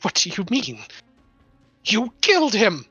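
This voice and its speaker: A woman's voice: fairly high pitch, big pitch swings, slow pace, a bit bright, no room sound, lo-fi sound, faint music behind, voice pushed up, heavily acted. A woman playing a furious winged cat creature. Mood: accusing. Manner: hissing, accusing, tearful.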